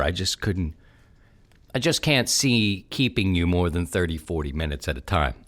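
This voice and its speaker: A man with a Baltimore accent hosts a podcast on his own, chatting casually and wandering between tangents with a joking ease. His voice sits low but moves a lot, rising and falling freely. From Baltimore, Maryland. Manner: rambling, jokey, drifts into accent bits. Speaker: podcast host. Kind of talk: casual solo podcast talk.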